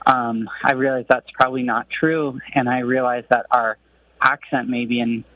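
A man's voice: medium pitch, flat delivery, moderate pace, bright, forceful tone, recorded from a distance. Curious male caller on a dull phone line. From Arizona. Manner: curious, a bit hesitant. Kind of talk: asking a question on a call-in show.

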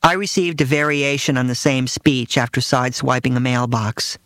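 A man's voice: medium pitch, normal speed, a bit bright, dry recording. A man narrating his own first-person memoir in a dry, matter-of-fact way.

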